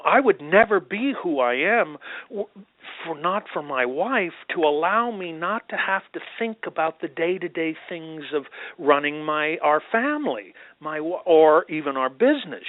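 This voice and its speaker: A man with a fairly high voice tells stories animatedly, slipping into little acted-out voices. He comes through a narrow, phone-like line with a dry, close sound. He speaks as a doctor giving advice on a podcast. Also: no echo. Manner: animated storyteller, acts out quoted voices. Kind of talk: conversational interview answers.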